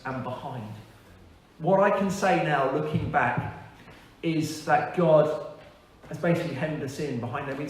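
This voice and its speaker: A man, a pastor, giving a frank, earnest testimony in a church service, with pauses and hesitations. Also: a little high. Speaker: church pastor on leave, interviewee. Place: large echoey church hall. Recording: echoey hall, distant mic, faint ambience.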